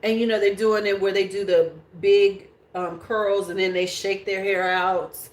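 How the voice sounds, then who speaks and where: A woman in her forties hosts a late-night beauty livestream, talking straight to her viewers in a loose, blunt way and cursing freely. Her voice sits at a middle pitch for a woman. The room around her sounds echoey. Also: level tone, unhurried. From United States. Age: 40s. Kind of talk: casual livestream chat.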